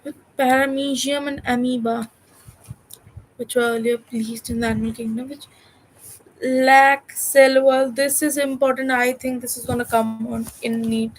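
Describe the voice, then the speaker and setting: On poor audio, a young Indian woman with a slightly high voice reads from a textbook at a moderate pace and a steady tone during a study livestream. She gets distracted and chatty, pausing the reading to joke and cuss.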